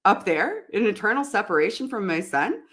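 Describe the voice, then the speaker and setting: A woman co-hosting a call-in show, with an Atlantic Canadian accent, talking in an animated way and laughing easily. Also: medium pitch, fairly quick. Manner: animated, laughs easily, calls people bud. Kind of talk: casual call-in chat.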